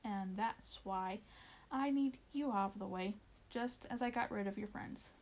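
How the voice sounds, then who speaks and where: A woman's voice: medium pitch, unhurried, darkish tone, natural voice, poor audio. A woman voicing a smug, greedy male mole villain in a storybook reading, talking with his mouth full and snarling.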